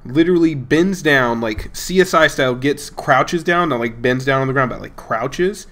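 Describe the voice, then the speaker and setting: A young man talks at a middle pitch in a loose, rambling way, chuckling as he goes. He tells a story casually, like a gaming channel host chatting to viewers. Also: moderate pace, fairly bright tone. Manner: rambling and amused, chuckling between lines. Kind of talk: casual storytelling over gameplay.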